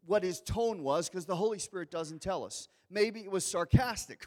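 A man's voice: on the high side, lively intonation, normal speed. A man preaching a sermon, telling the story dramatically and acting out the lines of the people in it. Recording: long reverb of a large hall.

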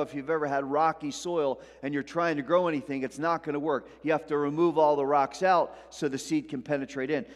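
A man preaching a sermon in a church, in a conversational way with joking asides to the congregation. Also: fairly high pitch. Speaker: pastor. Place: church sanctuary. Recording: long hall reverb.

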